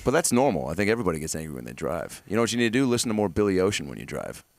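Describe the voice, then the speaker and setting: A man's voice: sits low, very animated, rapid-fire, creaky, dry recording. A male comedian guest in a casual comedy podcast chat, playful and riffing. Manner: playful, riffs and laughs a lot.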